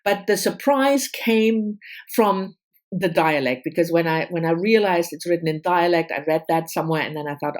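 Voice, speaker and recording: Low-voiced woman chatting about books. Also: moderate pace. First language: not English. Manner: thoughtful, with many fillers and restarts. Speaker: book vlogger. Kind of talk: casual chat about books.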